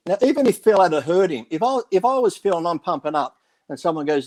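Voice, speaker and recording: A man with a slightly high voice tells stories in a casual radio chat. He acts out other people's quotes with lots of energy and swears freely along the way. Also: fairly quick. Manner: animated storyteller acting out quotes, swears freely. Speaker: bodybuilding radio show regular.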